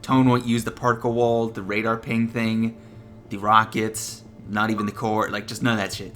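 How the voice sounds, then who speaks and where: A young man with a bright, forward voice talks through game tips in a loose, swearing, offhand way. Now and then he laughs at his own jokes. Faint music sits under his voice-over. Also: lowish voice, animated, takes it slowly, pauses often. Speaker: gaming video creator. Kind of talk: casual gameplay tips commentary.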